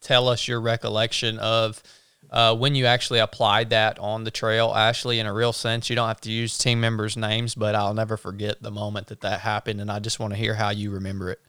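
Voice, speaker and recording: A man hosting an interview, a former instructor, asking questions and reflecting in a measured way. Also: fairly low pitch, little pitch movement, pushed and bright, smooth, no echo, clean studio sound.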